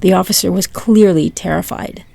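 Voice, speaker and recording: A woman's voice: fairly low pitch, fairly even intonation, normal speed, creaky, mellow, no room sound. A woman storyteller reading short stories and jokes aloud in a dry, matter-of-fact way.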